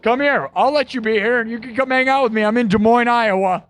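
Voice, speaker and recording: A man's voice: very high voice, brisk. A man hosting a live music stream in casual, brash, teasing chat. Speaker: livestream host and musician.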